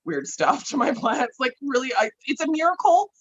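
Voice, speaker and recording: A woman's voice: high-pitched, big pitch swings, normal speed. Casual woman podcast guest, chatty, laughs often, swears freely, dull lo-fi audio. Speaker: guest grower.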